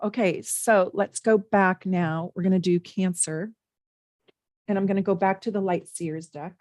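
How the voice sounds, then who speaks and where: A woman's voice: medium pitch, fairly even intonation, unhurried, no room sound, studio quality. A middle-aged woman hosting a casual live tarot and astrology reading from home, talking chattily to her viewers with plenty of fillers. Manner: chatty, warm asides to viewers, frequent fillers. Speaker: astrologer and tarot reader, livestream host.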